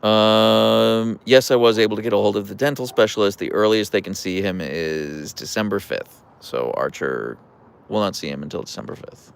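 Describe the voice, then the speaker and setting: A tired, relaxed man hosting a casual livestream, rambling with fillers as he answers viewer comments. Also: fairly low pitch, normal speed, creaky, clear, resonant tone. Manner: relaxed, rambling, with fillers, soft coos to the dogs. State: tired, yawning. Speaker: livestream host with pet huskies.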